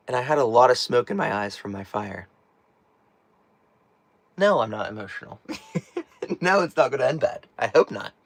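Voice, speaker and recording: Brief: chatty, jokey man on a live stream, voice prone to cracking, dry close sound, middle pitch. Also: pushed and bright, dry recording. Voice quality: voice cracks at times. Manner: chatty, jokey, laughs often. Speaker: host reading a live chat. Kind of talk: casual live-stream chat. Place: inside a small tiny house.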